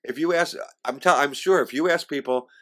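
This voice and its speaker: A middle-aged man telling candid stories in an interview, animated, laughing often and moving between loud and hushed. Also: a little high, fairly quick.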